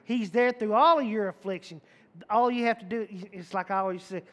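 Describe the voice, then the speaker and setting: A man preaches a casual, folksy sermon in a high-pitched voice. He talks emphatically, repeats key phrases for effect and often restarts his sentences. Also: brisk, a bit bright. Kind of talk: conversational sermon.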